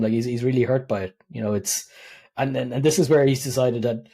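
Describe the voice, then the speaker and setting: Husky Irish man, chatty film talk. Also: mid-range voice, steady tone, fairly quick, mellow. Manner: chatty, laughs easily, acts out quotes. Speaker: podcast co-host. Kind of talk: casual film review chat.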